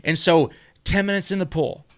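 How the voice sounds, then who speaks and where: Rambling higher-voiced male podcast host. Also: normal speed, a bit bright. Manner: rambling, repeats words, asks "right?" often. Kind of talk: casual motivational chat.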